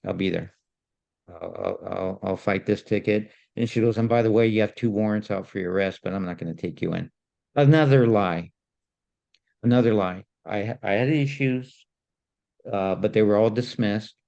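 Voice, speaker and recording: A man casually telling a story on a podcast, animated and indignant, often repeating himself. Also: fairly low pitch, moderate pace, gravelly, dull audio. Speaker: podcast co-host.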